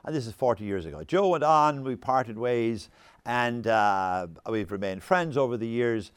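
Animated older man lecturing on faith. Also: medium pitch, moderate pace, clean tone, no room sound. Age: 60s. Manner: animated, discursive, fond of asides. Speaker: speaker on faith. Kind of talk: lecture with anecdotes.

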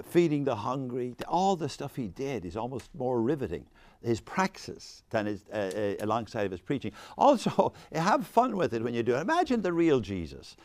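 A man leading a faith discussion with an audience, rambling and animated, laughing often and restarting his sentences. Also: medium pitch, no echo. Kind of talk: informal talk with audience questions.

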